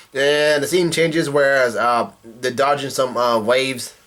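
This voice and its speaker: A man's voice: mid-range voice, unhurried, a bit bright. A man casually reading comic dialogue aloud and breaking in with profane asides. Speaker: manga reaction youtuber.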